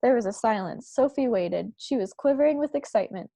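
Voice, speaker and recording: A woman reading a children's novel aloud to a book club in a steady storytelling manner. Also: a little high, brisk, gravelly, dry recording.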